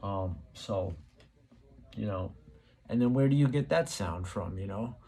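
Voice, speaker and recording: Husky-voiced man musing casually. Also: fairly low pitch, expressive, measured pace, mellow. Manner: rambling, musing, many fillers. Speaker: channel host. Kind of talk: casual talk to camera.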